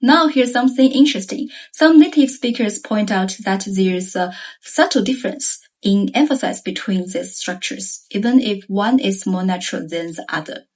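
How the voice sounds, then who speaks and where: A woman teaching Chinese grammar in a scripted lesson, reading example sentences slowly and carefully. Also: mid-range voice, lively intonation, a little mellow.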